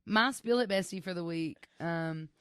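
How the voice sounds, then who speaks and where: Young woman co-host, lower voice, chatty storyteller, dry close mic. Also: moderate pace, a bit bright, clear, resonant tone, no room sound. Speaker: podcast co-host. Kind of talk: casual chat.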